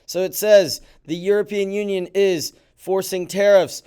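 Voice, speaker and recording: A man's voice: sits high, lively intonation, measured pace, hardly any pauses, warm tone, clean tone. A male teacher going over guided notes in a recorded classroom lesson, talking animatedly with mock-surprised asides. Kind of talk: classroom lecture video.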